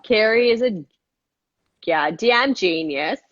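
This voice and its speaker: An animated woman in her thirties talks as a guest in a casual interview and slips into high, playful quoted voices. Her voice sits in a middle pitch. The recording is dry and a bit dull and lo-fi. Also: slow, no echo. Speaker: actress and filmmaker guest.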